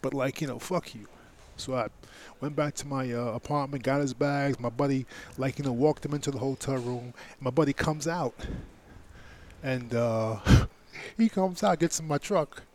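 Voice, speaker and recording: Medium in pitch and a little mellow, the man's voice moves at normal speed. He's a middle-aged podcast guest and ex-heavyweight champ, telling a frank personal anecdote with heavy emphasis, swearing, and plenty of fillers.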